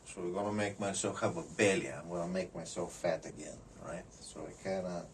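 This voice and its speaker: A man giving a rambling comedic monologue. He repeats words and often clears his throat. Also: deep voice, fairly even intonation, brisk, far from the mic, noisy background.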